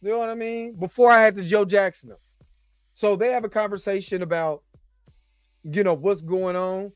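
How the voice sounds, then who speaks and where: High-voiced guy doing a chatty reaction review, joking around, dry sound. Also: normal speed, clear, resonant tone, no echo, soft background music. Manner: animated, joking, talks to the audience. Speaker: host and movie reviewer.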